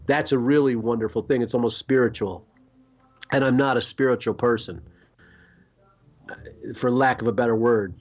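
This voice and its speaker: A man's voice: mid-range voice, moderate pace, pauses often, muffled recording. A middle-aged man, hosting a podcast and telling rambling, profane stories. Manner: rambling, profane, animated storyteller. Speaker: podcast host. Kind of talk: storytelling chat.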